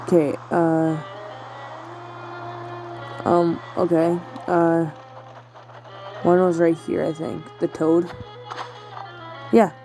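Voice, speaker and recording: Slow, mellow-voiced woman thinking aloud. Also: lowish voice, flat delivery, soft background music, low-quality recording. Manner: thinks aloud, talking to herself with many fillers. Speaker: gamer playing a video game. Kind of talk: casual let's-play commentary.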